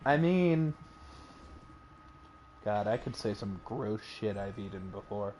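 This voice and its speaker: A man's voice: lowish voice, lively intonation, takes it slowly, darkish tone, dull audio, a little hiss or hum. A man hosting a casual game stream, joking around and swearing freely at a home desk mic. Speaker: streamer host.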